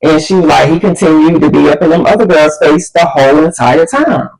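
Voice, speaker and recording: A woman vlogger telling a story casually, animated and slangy, acting out the people she quotes. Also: deep voice, brisk, gravelly, low-quality recording.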